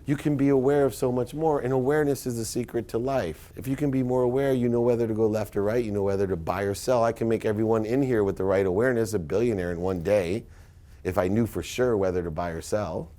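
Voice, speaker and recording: Low-voiced emphatic motivational speaker man. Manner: emphatic storytelling, swings between loud punches and quiet asides. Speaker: keynote speaker. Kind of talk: motivational speech to a live audience.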